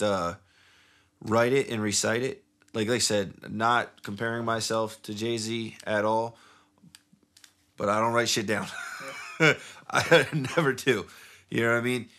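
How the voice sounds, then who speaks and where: A man's voice: lowish voice, a bit bright. A man co-hosting a casual podcast, laid-back and rambling, swearing freely as he chats in a studio. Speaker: podcast co-host, rapper. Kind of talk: casual chat. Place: recording studio.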